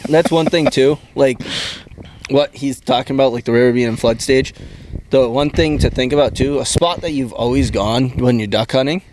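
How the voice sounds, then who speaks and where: A man's voice: medium pitch, normal speed, a little mellow, slight background noise. A man co-hosting a casual talk show, telling a story in a plain, matter-of-fact way. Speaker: podcast co-host. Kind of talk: casual chat.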